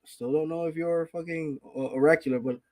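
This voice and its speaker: A man's voice: a little high, steady tone, fairly quick, a crowd in the background. A man hosting a casual gaming podcast, ranting with heavy profanity and reading out chat names. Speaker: podcast host.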